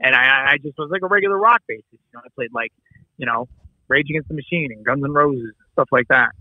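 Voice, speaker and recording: Middle-aged man, from the Midwest, animated storyteller, quick talker, high voice, dry dull call audio. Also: no room sound. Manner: animated, swearing, acts out dialogue. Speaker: actor and producer guest. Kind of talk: casual interview storytelling. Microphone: remote call.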